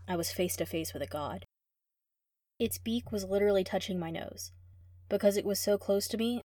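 A woman reading fan fiction aloud, telling a first-person story in a steady, expressive way. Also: medium pitch, no room sound, studio quality. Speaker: reader.

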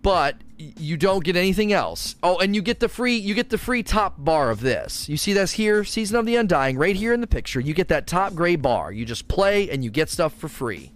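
A man's voice: high voice, big pitch swings, moderate pace, hardly any pauses. A young man ranting animatedly as a live game streamer and laughing often at his own points.

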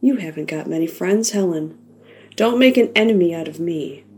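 A woman's voice: lowish voice, lively intonation, normal speed, a little mellow, natural voice. A woman voicing a sleazy, threatening male sports manager in an audiobook. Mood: menacing. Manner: smug, threatening, coaxing.

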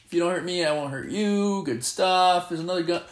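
A man giving live gameplay commentary, excitable and playfully boastful as he trash-talks. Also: high-pitched, brisk, roomy sound. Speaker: gamer.

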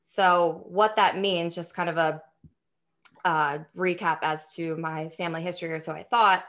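A woman's voice: on the low side, steady tone, normal speed, fairly bright tone. A young woman telling a family story in casual chat, rambling with restarts and frequent laughs. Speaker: podcast guest.

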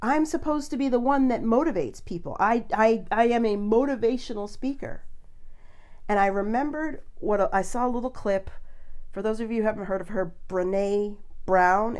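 Woman host, chatty storyteller, mid-pitched voice, casual and easygoing. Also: fairly quick, darkish tone. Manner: chatty storyteller, laughs often. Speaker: podcast host. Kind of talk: casual chat.

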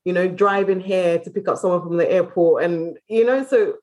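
A woman's voice: on the low side, darkish tone. Candid British woman guest. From Britain. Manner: open, quick-talking, often restarting phrases. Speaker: podcast guest. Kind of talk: candid casual chat.

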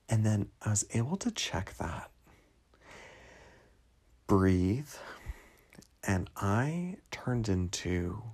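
Young man from New Jersey, podcast host; low, gravelly voice; casual, wandering, self-mocking monologue. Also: darkish tone. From New Jersey, USA. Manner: rambling, digressive, self-deprecating.

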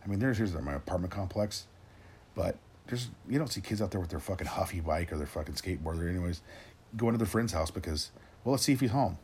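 Gruff, deep-voiced man ranting profanely. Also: quick pace, a little mellow. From Tennessee, raised in Oregon. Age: 40s. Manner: rambling, gruff, swears constantly, many restarts. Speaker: rant host. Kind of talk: profane solo rant.

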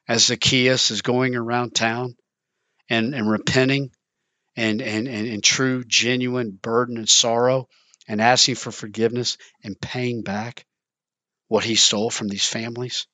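A man's voice: mid-range voice, flat delivery, moderate pace, pushed and bright, dry recording. A man preaching a sermon in an earnest, storytelling manner, sometimes repeating words.

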